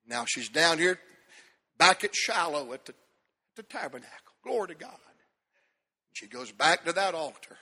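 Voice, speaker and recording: A middle-aged man preaching a fervent sermon, swinging between shouted lines and hushed ones. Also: fairly high pitch, big pitch swings, normal speed, long pauses, slightly rough. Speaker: pastor.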